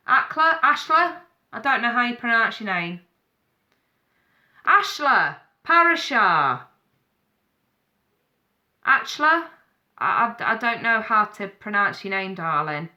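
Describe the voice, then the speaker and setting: Lady doing a live tarot stream, sharp bright voice, calls everyone sweetheart, swears a bit. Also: mid-range voice, big pitch swings, slow pace, pauses often, muffled recording. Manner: chatty, calls viewers darling and sweetheart; blunt, frank advice with swearing. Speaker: tarot reader.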